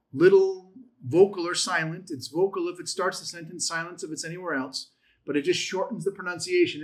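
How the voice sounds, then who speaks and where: A man's voice: fairly high pitch, fairly bright tone. A man teaching a Bible language class in a conversational, encouraging way, joking with his students. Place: church classroom.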